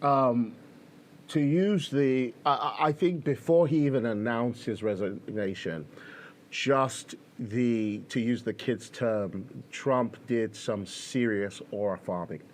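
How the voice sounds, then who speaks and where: A man's voice: medium pitch, slow. A man hosting a podcast, talking in a loose, chatty way with many fillers and restarts. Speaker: podcast host. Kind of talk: casual commentary.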